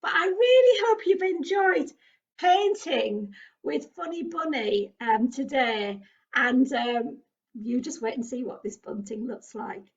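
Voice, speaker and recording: A British woman presenting a painting activity for toddlers, her voice high and her delivery unhurried. She chats away with lots of small exclamations and questions aimed at young children. The recording sounds dull and lo-fi. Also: animated, breathy edge. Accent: British English. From England. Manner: chatty, exclamatory, talks straight to small children. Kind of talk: children's craft demonstration.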